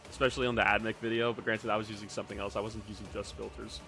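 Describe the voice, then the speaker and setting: A man talking loosely on a livestream, wandering from thought to thought and cursing casually. His voice sits a little low. Faint music plays in the background. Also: level tone, racing, creaky, pushed and bright. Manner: rambling, swears casually, reads chat aloud. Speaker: streamer. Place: home hobby room.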